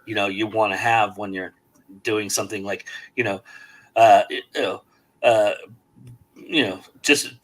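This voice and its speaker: A man hosting a casual round-table podcast, talking in an animated, rambling way with many fillers. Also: on the low side, a little slow, long pauses, rough recording. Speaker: podcast host.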